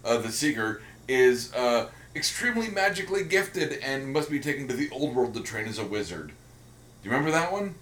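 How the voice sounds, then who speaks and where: Goofy rambling podcast guy, swings his pitch all over, roomy sound. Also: brisk, slight background noise. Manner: jokey, rambling, animated. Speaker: podcast co-host. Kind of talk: casual chat.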